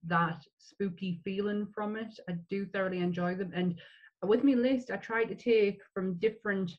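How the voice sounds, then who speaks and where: A woman's voice: medium pitch, steady tone, moderate pace. Chatty woman, lo-fi. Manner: chatty, many restarts and fillers. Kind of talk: casual film chat.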